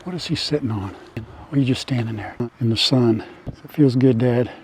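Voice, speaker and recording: There's a little hiss or hum under this older man's medium-pitched, darkish voice as he talks at a moderate pace. A farm vlogger, he narrates chattily and folksily for viewers while clearing out an old farm building and yard, occasionally coughing from the dust.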